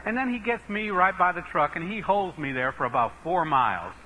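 A middle-aged man from the northeastern United States, a Baptist preacher telling an animated, emphatic story in a sermon with self-mocking humor. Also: high voice, a little fast, low-quality recording.

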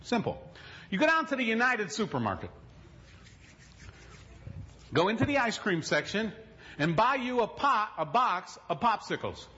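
A male pastor with a very high, lively voice delivers a folksy sermon. He slows right down to land his points. The recording sounds dull and lo-fi. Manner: folksy storytelling preacher, slows for emphasis.

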